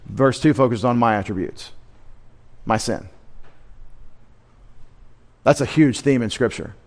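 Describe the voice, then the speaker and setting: Speaking at a medium pitch with a somewhat dark tone, a male pastor in a church sanctuary unpacks a passage line by line during an expository sermon. He keeps asking his audience questions before answering them, and he hammers home key words through deliberate repetition.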